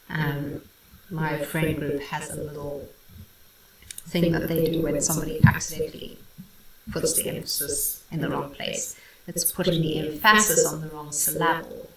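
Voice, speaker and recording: Low, slow-talking woman in a roomy space. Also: recorded from a distance. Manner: explanatory, demonstrating sounds by singing snippets. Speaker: vocal coach reacting to a song. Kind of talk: casual music analysis. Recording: roomy sound, away from the mic.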